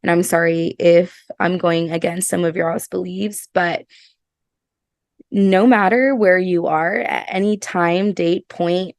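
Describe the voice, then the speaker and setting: A woman's voice: lowish voice, steady tone, slow, dry recording, clean studio sound. A woman hosting a casual self-help podcast, earnest and emphatic, often repeating her words. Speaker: podcast host.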